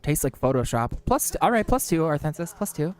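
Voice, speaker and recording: A man's voice: on the high side, very animated, a little fast, darkish tone. A young man streaming, chatting in a rambling, self-mocking way as he games. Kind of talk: casual chat while gaming.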